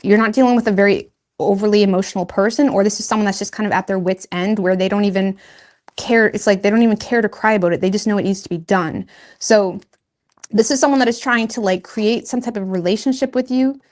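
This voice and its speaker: A woman's voice: medium pitch, quick pace, darkish tone. A woman giving a casual tarot reading, chatty and loose, laughing at herself and filling her talk with "like" and "you know". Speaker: tarot reader.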